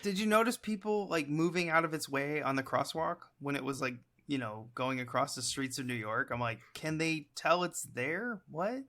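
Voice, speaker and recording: A man's voice: medium pitch, a little fast, hardly any pauses, a bit bright. A man co-hosting a casual movie review podcast, loose and profane, often rambling. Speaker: podcast co-host.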